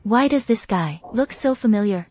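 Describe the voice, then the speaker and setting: A woman playing a cool, mellow-voiced female CEO. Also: mid-range voice, animated, normal speed, lightly acted. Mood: composed. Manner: composed and matter-of-fact. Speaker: company CEO. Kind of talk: dubbed short drama acting.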